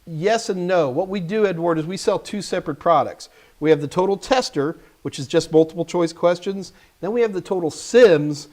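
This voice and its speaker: On a live stream, a man whose voice sits high but carries a darkish tone takes tech questions from viewers. He jokes around casually and addresses the chat directly.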